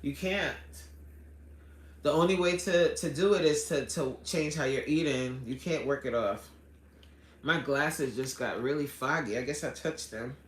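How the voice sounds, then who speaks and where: A man's voice: medium pitch, measured pace, a bit bright, reverberant, a little hiss or hum. A man hosting a live stream as a fitness coach, chatting casually and earnestly, reading viewer comments aloud and often apologizing. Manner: earnest and heartfelt, apologizes often, frequent restarts. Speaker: fitness coach and livestream host.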